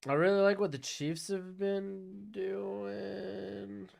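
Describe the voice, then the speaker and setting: A man's voice: sits high, level tone, takes it slowly, vocal fry. Chatty male draft streamer. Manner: chatty, reads chat questions aloud. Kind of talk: casual live-stream commentary.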